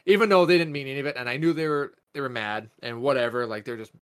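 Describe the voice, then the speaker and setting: A man's voice: fast, clean tone. A man co-hosting a podcast, telling a long story in a loose, profane way, padding it with "like" and acting out quotes in a raised voice. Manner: profane, animated storyteller with many "like" fillers; jumps up in pitch when acting out quotes. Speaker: podcast co-host. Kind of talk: casual storytelling chat.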